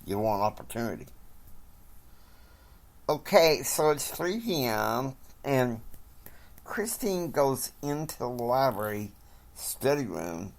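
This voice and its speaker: A man's voice: mid-range voice, very animated, slow pace. A man casually narrating an invented drama, rambling through it scene by scene. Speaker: storyteller.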